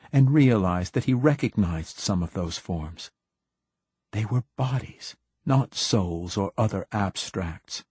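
A man narrating an audiobook with a measured, dramatic reading. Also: on the low side, darkish tone, slightly rough, no room sound. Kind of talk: scripted narration.

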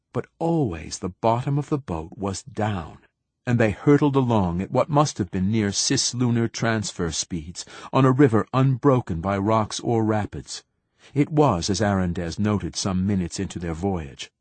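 Husky low-voiced male audiobook narrator. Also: a little mellow, no echo. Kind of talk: scripted narration.

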